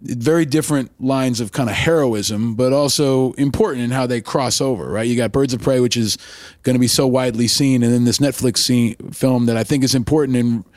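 A male interviewer hosts the conversation, lavishing praise and stringing his questions into long, rambling turns. His voice sits at a middle pitch for a man. The sound is dry and close, with no room echo. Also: fairly quick, a little mellow. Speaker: host.

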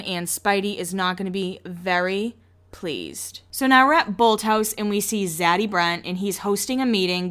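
A woman's voice: mid-range voice, a bit bright. A woman hosting a casual recap podcast, chatty and full of sarcastic asides. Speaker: podcast host recapping a reality show.

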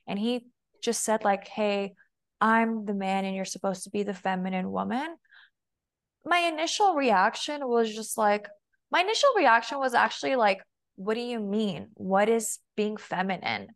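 A young woman chats freely as a podcast guest, her voice carrying a gravelly fry. She scatters "like" through every sentence and acts out the back-and-forth with her partner. Her pitch sits in an ordinary middle range. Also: moderate pace. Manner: chatty, heavy use of "like", quotes herself and her partner. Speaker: guest, femininity and body language coach. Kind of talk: casual podcast interview.

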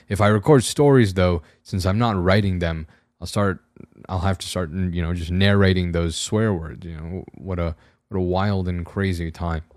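A young man with a very low, slightly raspy voice hosts his own podcast alone. He rambles in a wry, self-deprecating way, restarting his sentences often. The sound is close and dry, with no room echo. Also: darkish tone. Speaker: podcast host. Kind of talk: casual solo podcast monologue. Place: room at home with a camera on a tripod.

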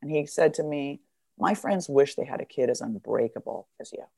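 In a low, creaky voice at normal speed, a woman in her fifties talks openly as a podcast guest. She's plainspoken and profane, bringing her anecdotes to life by imitating voices.

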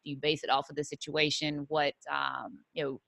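A woman's voice: sits low, level tone, moderate pace, gravelly, fairly bright tone, dry recording. A woman hosting a golf podcast, chatting casually with lots of fillers. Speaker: podcast host. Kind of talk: casual interview chat.

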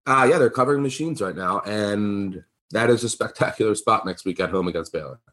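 A man hosting a sports betting podcast, chatting casually and getting excited in sudden bursts. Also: a little fast. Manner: excitable, big leaps in pitch. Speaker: podcast host.

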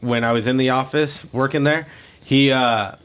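A man co-hosting a casual podcast, an animated storyteller who swears freely. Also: medium pitch, moderate pace, smooth. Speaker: podcast co-host.

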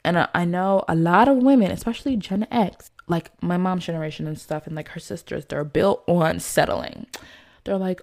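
A young woman talking casually to camera, reading from her notes and giving blunt dating advice with emphatic outbursts and lots of fillers. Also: normal speed. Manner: emphatic, animated, swings from low asides to loud outbursts; chatty, many fillers and restarts.

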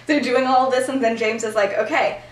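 On a podcast, a young woman retells a story to a friend, chatty, laughing and packing in "like" fillers. Her voice sits on the high side with a level tone and a brisk pace. The sound is roomy and distant.

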